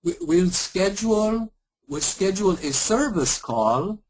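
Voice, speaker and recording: A man doing a hurried, impatient call-center agent with a clumsy fake Indian accent, pitched well above a normal speaking voice. He tears through his lines and brushes the caller off. The voice has a husky edge. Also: expressive, a little mellow, heavily acted. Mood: dismissive. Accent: bad put-on Indian accent. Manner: rushes words and brushes the caller off. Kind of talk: customer service role-play.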